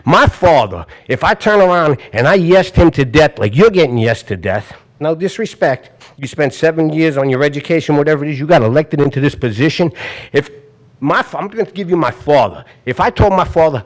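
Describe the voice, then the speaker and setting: A man's voice: a little high, sing-song, normal speed. A man speaking up at a public hearing, heated, exasperated and blunt in his complaints. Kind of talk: public comment at a code hearing. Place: hearing room.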